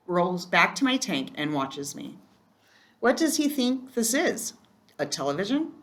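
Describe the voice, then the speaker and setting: A woman reading a first-person children's chapter book aloud in a gentle storytelling manner. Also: lowish voice. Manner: gentle, storytelling, occasional slips. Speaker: reader.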